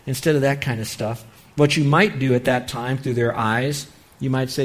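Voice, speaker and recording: A pastor with a medium-pitched, steady voice preaches on parenting at normal speed. Earnest in manner, he dramatizes exchanges between parent and child, voicing what a parent might say.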